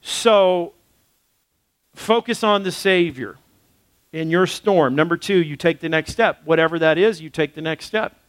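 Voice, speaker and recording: High-voiced pastor, casual preaching. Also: male voice, unhurried, no room sound. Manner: casual, animated preaching with acted-out quotes. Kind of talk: sermon.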